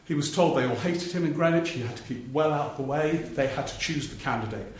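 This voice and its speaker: A man's voice: on the high side, fast. Man telling stories on stage. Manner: storytelling, acts out politicians' voices for laughs. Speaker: political journalist performing on stage. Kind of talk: live one-man stage talk with anecdotes. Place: theatre stage before a live audience. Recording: very echoey live theatre recording, faint noise. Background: audience laughter.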